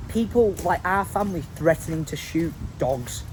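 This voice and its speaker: Indignant high-voiced man. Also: moderate pace, few pauses, music in the background, poor audio. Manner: indignant, animated retelling. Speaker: vlog companion. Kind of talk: casual storytelling chat. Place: outdoors by a canal. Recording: outdoor mic with strong background noise.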